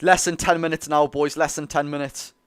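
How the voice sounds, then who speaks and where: Clean studio sound, dry and smooth: a young Geordie man from North East England talks fairly quickly in a voice on the high side. He streams a live football watch-along, chatting excitably with viewers and reading their chat out loud.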